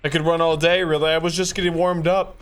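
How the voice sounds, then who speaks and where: A man's voice: on the high side, level tone, fast, smooth, pitched above the performer's own voice, natural voice. A man putting on the voice of a boastful older male politician who brags in repetitive superlatives. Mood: bragging. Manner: bragging, exaggerated superlatives, repetitive.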